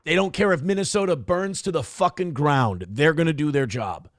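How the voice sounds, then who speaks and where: A man's voice: on the high side, moderate pace, no room sound, clean studio sound. A man hosting a livestream show, reading chat messages aloud and ranting bluntly with lots of profanity. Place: home studio.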